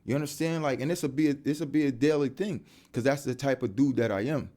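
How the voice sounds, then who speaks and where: Man, Delaware accent, casual street talk, faith testimony, mid-pitched voice, lots of fillers. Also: fairly quick. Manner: animated street slang, many fillers. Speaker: faith vlogger.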